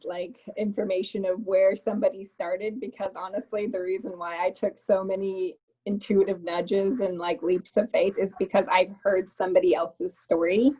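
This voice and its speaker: A woman's voice: medium pitch, mellow, rough recording. A woman guest on a podcast telling her story in a casual, chatty way, laughing often and filling her speech with little fillers. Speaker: podcast guest, makeup artist.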